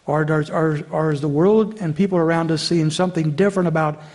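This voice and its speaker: Speaking in a steady, brisk voice that sits on the high side with a touch of mellowness, this man preaches as a pastor. His delivery is earnest and straightforward, with phrases often begun again and listeners called "folks."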